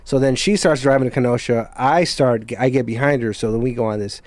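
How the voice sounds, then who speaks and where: A man hosting a podcast, rambling through a story and swearing casually. His voice sits at a middle pitch. The sound is dry and close. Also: a little fast, darkish tone, no echo. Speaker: podcast host. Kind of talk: casual chat.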